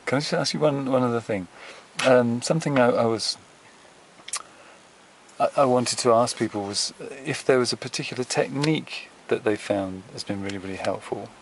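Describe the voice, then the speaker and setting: A man interviewing a guest, asking questions in a soft, encouraging way. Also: mid-range voice, moderate pace, slight background noise, poor audio. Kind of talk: interview questions and listening responses.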